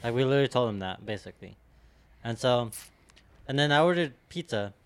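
Smooth-voiced young man telling rambling stories. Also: medium pitch, animated, a little fast. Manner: rambling, slangy storytelling. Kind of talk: casual chat among friends.

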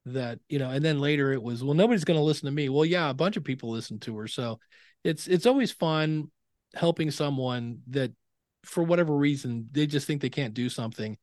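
Clean studio sound with no echo captures a middle-aged man's medium-pitched voice at moderate speed. As a podcasting expert chatting casually in an interview, he tells lively stories and performs the dialogue he quotes.

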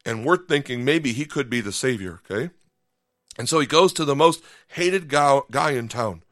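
A male pastor delivers a podcast sermon in a relaxed, conversational manner. He breaks into brief acted-out lines and keeps checking in with his listeners. His voice sits in a middle register and is recorded dry and close to the mic. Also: mid-range voice, no room sound. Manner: conversational, dramatizing with quick voiced asides, frequent "okay?".

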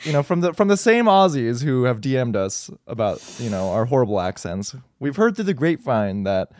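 A man's voice: medium pitch, big pitch swings, fairly quick, a little mellow. A man co-hosting a podcast, chatting in a wry, teasing way. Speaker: podcast co-host. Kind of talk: casual chat.

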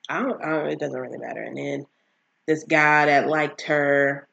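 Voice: medium pitch, steady tone, moderate pace, gravelly, sharp tone, highs cut off. A vlogger casually recapping a TV series, rambling with lots of fillers and acting out the characters' lines.

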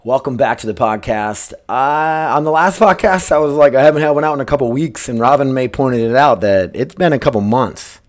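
A man's voice: mid-range voice, brisk, hardly any pauses. A man hosting a casual solo podcast, talking in a rambling, blunt and profane way that turns heated. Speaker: podcast host. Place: at home with a dog nearby.

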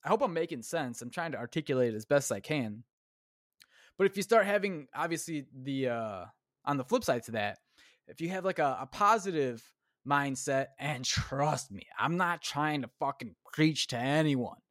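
Slightly high and a bit bright, this man's voice has lively intonation at normal speed, captured cleanly in a studio with no room sound. As a solo podcast host he rambles and rants casually, swears constantly, veers into tangents, and interrupts himself.

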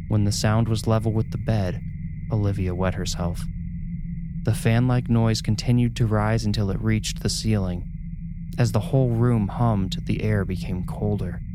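A man narrating a scripted horror story in a measured, suspenseful way. His voice sits low. A clear music bed runs underneath the whole reading.

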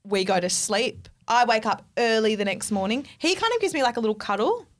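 A young woman, co-hosting a podcast and telling a story in a casual, animated, exasperated way, swearing freely. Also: fairly high pitch, brisk. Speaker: podcast co-host.

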